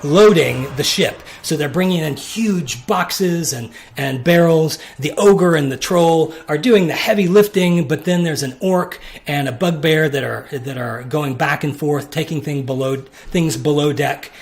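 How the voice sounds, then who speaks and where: Game master, male, slow gravelly delivery, halting narration of scenes. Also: on the high side. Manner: halting, with many restarts.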